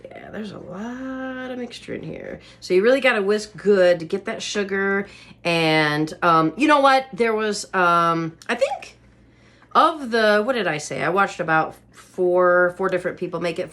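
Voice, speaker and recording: A woman's voice: fairly low pitch, expressive, moderate pace, a bit bright. A woman hosting a home cooking vlog, chatting to her viewers while cooking in her kitchen and laughing often. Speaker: cooking show host.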